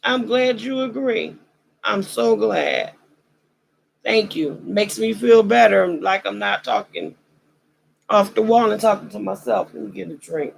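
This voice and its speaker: A woman's voice: mid-range voice, unhurried, gravelly, slight background noise, rough recording. A woman hosting a vlog, giving a casual commentary monologue. She roasts and preaches in a slangy way, and her throat is dry as she loses her voice. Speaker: vlog host.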